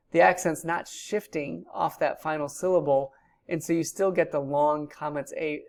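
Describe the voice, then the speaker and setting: A woman's voice: low-pitched, darkish tone. A woman giving a recorded grammar lecture, explaining patiently with frequent ums. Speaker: Hebrew teacher.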